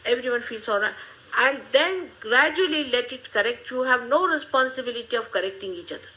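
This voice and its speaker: An older woman, giving a gently humorous, motherly spiritual talk to her followers. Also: on the high side, lively intonation, fairly quick, rough recording. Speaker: spiritual teacher.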